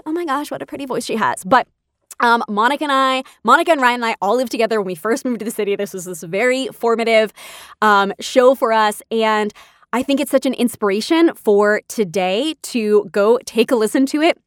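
A California woman hosts a podcast, sharing personal stories in a chatty, emotional way and laughing often. Her voice sits on the high side, and the recording is dry with studio quality.

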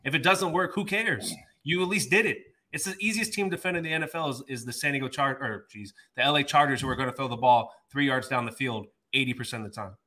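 A man's voice: mid-range voice, quick pace, few pauses, bright, forceful tone. A man ranting in exasperation on a sports podcast, swearing mildly. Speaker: podcast host. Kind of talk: casual sports talk.

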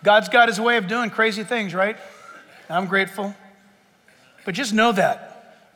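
A man preaching a lively sermon in a church, acting out the voices of his listeners. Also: high voice, measured pace. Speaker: pastor. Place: church sanctuary before a congregation. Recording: long church hall reverb.

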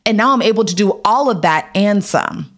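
A woman's voice: medium pitch, normal speed. A woman in her thirties, an actress guest on a podcast, telling a personal story in casual chat and acting out what people said to her. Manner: animated, acts out quotes in raised voices.

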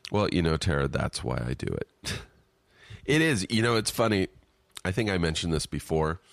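A man's voice: deep voice, very animated, normal speed, vocal fry, no room sound. A man co-hosting a podcast, rambling and self-deprecating with profane asides as he reads listener emails, sniffly from allergies. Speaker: podcast co-host. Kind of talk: casual chat, reading listener emails. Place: at home in his apartment.

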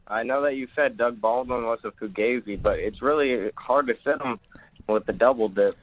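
A man's voice: medium pitch, moderate pace. Hesitant male caller over a phone line. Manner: hesitant, many ums.

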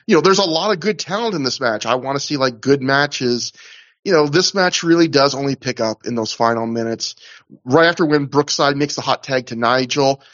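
A man's voice: medium pitch, moderate pace, fairly bright tone, muffled recording. A man co-hosting a casual podcast, rambling through a wrestling show review with lots of fillers and restarts. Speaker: podcast co-host.

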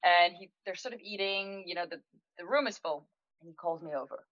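A woman who owns a restaurant, telling an anecdote in a chatty, animated way, laughing now and then and using lots of fillers. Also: fairly low pitch, brisk, no room sound. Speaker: restaurant owner. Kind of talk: anecdotal storytelling in conversation. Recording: dull lo-fi, dry sound.

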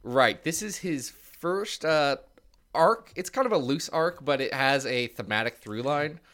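A man's voice: medium pitch, lively intonation, unhurried, fairly bright tone. A young man co-hosting a casual podcast, rambling and joking at his own expense. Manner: rambling, jokey, self-deprecating. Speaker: podcast co-host.

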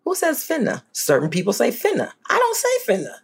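A guest scholar from New Orleans with a New Orleans accent, talking in an animated, emphatic way in a podcast conversation. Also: fairly quick, creaky, breathy edge. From New Orleans, USA. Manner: animated, emphatic, swings up high when excited.

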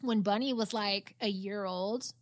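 A woman, co-hosting a podcast and telling stories in animated, profane casual chat. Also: mid-range voice, a little slow, dry recording, clean studio sound. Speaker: podcast co-host.

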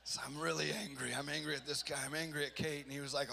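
Man, preacher, bright forceful tone, slightly high voice, earnest, emphatic testimony. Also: steady tone, fast talker, gravelly, hardly any pauses, a little hiss or hum. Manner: earnest, builds to emphatic rising delivery; self-deprecating, laughs at himself. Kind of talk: personal testimony sermon.

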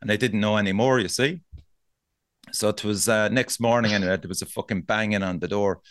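A man's voice: on the low side, brisk, dry recording. Sweary Cork Irishman telling a story. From Ireland. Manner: swearing, animated anecdote-teller. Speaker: podcast host. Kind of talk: casual storytelling chat.

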